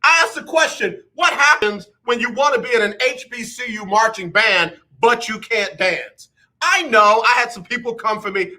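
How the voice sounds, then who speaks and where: A man's voice: extremely high pitch, animated, moderate pace, bright, forceful tone. A man hosting a radio show, talking emphatically and dropping into mock quotes of other people. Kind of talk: animated radio talk monologue.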